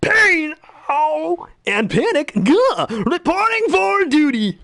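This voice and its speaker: A man voicing a pair of frantic little imp henchmen who yelp in shrill, panicky bursts. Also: big pitch swings, slow, vocal fry, pushed and bright, heavily acted.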